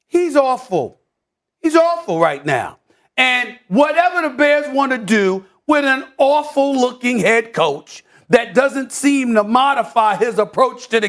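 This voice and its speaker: A man hosting a sports debate show, ranting loudly and theatrically, with mock-emotional outbursts and stammered repeats. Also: very high-pitched. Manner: repeats words in bursts when excited.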